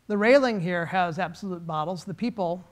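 A man, a designer, giving a relaxed, conversational presentation with slides, pausing with fillers. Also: high voice.

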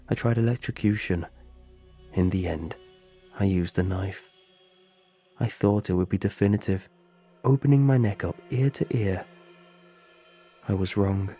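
A man voicing a flat, robotic text-to-speech reading of a dying man's note, spoken without intonation and with a deep, dark, husky voice. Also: heavily acted.

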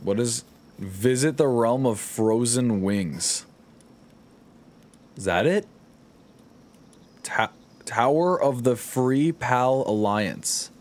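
A man's voice: mid-range voice, animated, drawn-out words, pauses often, darkish tone. A man streaming a game live, joking and swearing as he talks to his chat and the game characters.

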